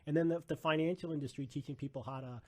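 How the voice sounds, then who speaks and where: A man hosting a radio interview about money, conversational, often dropping into soft asides. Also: a little high, fairly even intonation, rapid-fire, crowd noise. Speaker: radio host, financial advisor.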